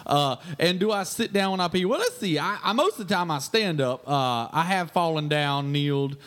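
A man's voice: a little high, lively intonation, normal speed, a bit bright. A man playing a crude, boastful fishing guide who rambles through listener mail on a comedy radio sketch. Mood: brash.

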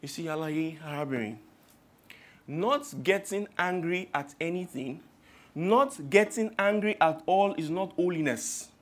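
A man with a Nigerian accent delivers a sermon in a high-pitched voice. He preaches with humor and rhetorical flair, stacking up long spoken lists. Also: measured pace.

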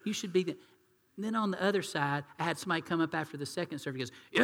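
A man preaching a sermon, animated and acting out quoted voices in hushed tones. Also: a little high, rapid-fire, big-room sound. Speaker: pastor.

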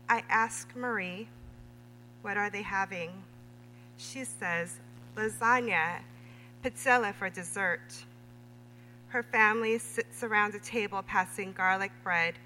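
A woman reading her own memoir prose aloud at a literary reading, measured and deliberate. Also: mid-range voice, sharp tone. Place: reading event in a hall. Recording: reverberant hall with faint hum.

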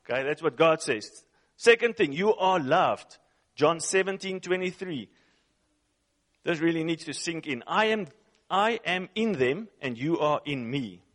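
A man's voice: on the high side, lively intonation, unhurried, a bit bright. A man preaching a sermon who reads scripture aloud and speaks English as a second language, emphatic, repeating phrases and putting questions to his listeners. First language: not English.

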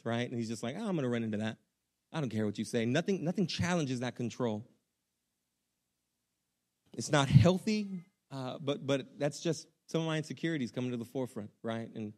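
A young man, a pastor, preaching a sermon in an animated, conversational way with casual slang. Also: sits high.

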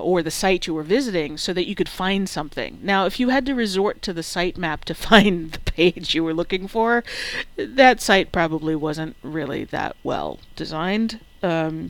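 A woman's voice: on the low side, no room sound. A woman co-hosting a casual tech podcast, playful and laughing often as she explains. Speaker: podcast co-host.

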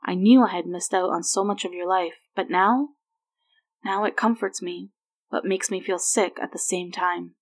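A woman's voice: on the low side, steady tone, normal speed. A woman reading aloud and voicing a remorseful grown man who stammers and repeats himself as he struggles with his feelings. She keeps close to her own voice. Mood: emotional. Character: remorseful grown man, emotional former agent.

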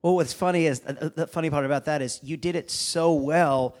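A man's voice: fairly high pitch, fairly even intonation, fairly quick, darkish tone. A man guesting on a comedy podcast, chatting casually and telling rambling, joking stories.

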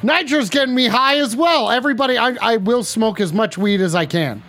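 Man, streamer, mock call-in host, excitable, profane, high voice, faint music behind. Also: fairly quick. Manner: excitable, profane, flustered outbursts. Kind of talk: comedic live-stream banter.

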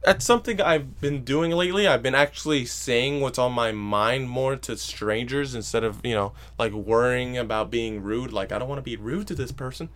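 A man hosting a podcast, telling a story in a casual, profane rant and mocking people in loud put-on voices. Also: mid-range voice, moderate pace, few pauses. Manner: profane, ranting, mocks others in loud voices. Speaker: podcast host.

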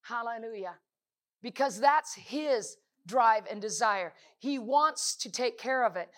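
A woman's voice: a little high, expressive, slow. A woman preaching a sermon, emphatic and repetitive, stacking rhetorical questions.

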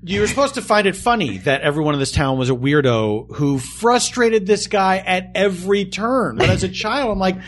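A man talks casually on a podcast, his voice high and swooping all over. He keeps laughing and slips into the voices of people he quotes. It sounds like a close studio mic. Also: moderate pace, hardly any pauses. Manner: animated, laughing often, mimics voices in quotes. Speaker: podcast co-host. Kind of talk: casual chat. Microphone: studio microphone.

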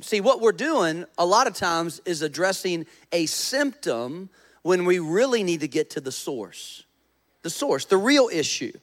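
A man's voice: high-pitched, a bit bright. A male pastor preaching a conversational sermon, joking with the congregation and acting out voices in his stories. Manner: conversational preaching with jokes and audience prompts; acts out quoted voices in stories.

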